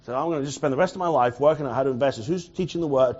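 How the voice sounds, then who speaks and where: A man preaching a sermon as a pastor, swinging from loud urgent lines to quiet near-mutters. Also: mid-range voice, very fast, lo-fi sound, faint music behind.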